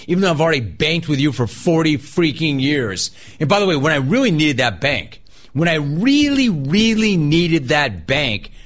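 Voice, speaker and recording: A middle-aged man hosting a call-in radio show, chatting casually and riffing on his pet peeves. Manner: animated, mocks people in a high put-on voice.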